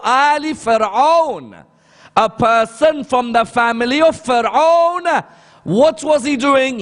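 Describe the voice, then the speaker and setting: A man giving a sermon lecture, telling a story and asking rhetorical questions that he then answers. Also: extremely high pitch. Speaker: Islamic lecturer. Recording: long hall reverb.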